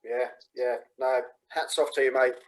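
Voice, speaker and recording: A man's voice: medium pitch, little pitch movement, moderate pace, rough recording. A man hosting an interview, matey and encouraging in casual chat. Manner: matey and encouraging, many fillers. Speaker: host.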